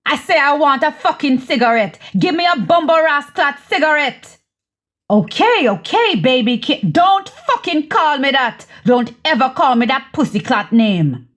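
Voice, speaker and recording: A woman voicing a hurt, sharp-tongued young woman who curses and bites back with sarcasm. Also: fairly high pitch, sing-song, measured pace. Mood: furious. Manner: cursing, biting, sarcastic.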